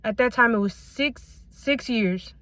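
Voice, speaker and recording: This faith content creator, speaking at a measured pace in a slightly high voice with a fairly bright tone, records into a handheld phone with no echo. She fervently testifies about her faith to viewers, repeating phrases and calling them y'all.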